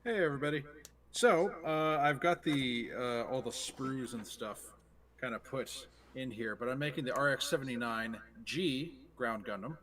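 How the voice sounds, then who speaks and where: A man's voice: mid-range voice, normal speed, a bit bright. A man on a livestream, talking offhandedly and grumbling while he builds a model kit. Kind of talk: casual chat on a livestream.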